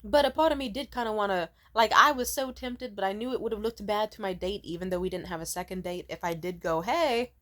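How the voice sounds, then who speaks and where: A woman's voice: medium pitch, fast, few pauses, a bit bright. A woman telling a story in a casual, ranting way, sarcastic and profane, full of filler words. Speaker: vlogger.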